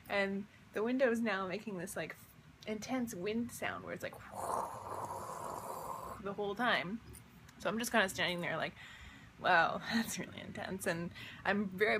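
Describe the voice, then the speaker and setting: A young woman, a vlogger and visionary artist, has just woken up and recounts a dream in a medium-pitched, fairly bright voice. Her telling is rambling, casual, full of fillers and wonder, with slight background noise.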